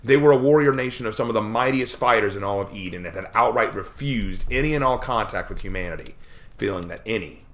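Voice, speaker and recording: A man reading aloud a first-person story he wrote himself, in a measured, expressive narrating manner. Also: lowish voice. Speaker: storyteller reading his own fiction.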